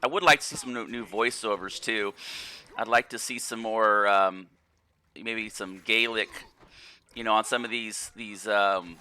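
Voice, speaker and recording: A man's voice: lowish voice, unhurried, pushed and bright, clean tone. A man casually commenting on his gameplay in a rambling, profane way, often repeating and restarting words. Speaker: gaming channel host.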